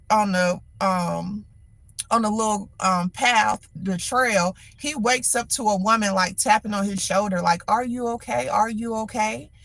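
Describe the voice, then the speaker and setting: A middle-aged woman hosting a livestream, telling a story in an animated, exasperated way with lots of repetition. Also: mid-range voice, dry recording. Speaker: livestream host. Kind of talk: casual venting monologue.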